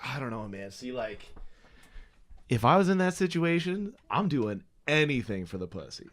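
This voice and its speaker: A man hosting a podcast in casual chat, loud and laughing, swearing freely. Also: medium pitch, big pitch swings, moderate pace. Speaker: podcast host.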